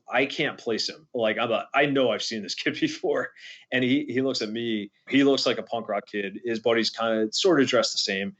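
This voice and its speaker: A man in his forties tells a long, rambling story in a casual interview, quoting other people as he goes. His voice sits a little low. The audio is dull and lo-fi. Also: fairly bright tone. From New Jersey. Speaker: podcast guest, former drummer.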